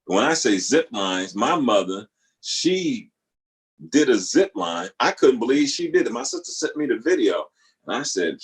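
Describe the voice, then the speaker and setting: Animated middle-aged man telling a family story. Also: normal speed, low-quality recording. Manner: animated, jumps into high squealing voices for quoted family members. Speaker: vlogger. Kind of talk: casual storytelling monologue.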